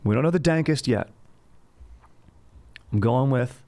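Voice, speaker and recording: A podcast host with a mellow, mid-range male voice talks history at an unhurried pace. His chat is casual and comedic, rambling and jokey, full of slangy bro talk and constant "dude" asides.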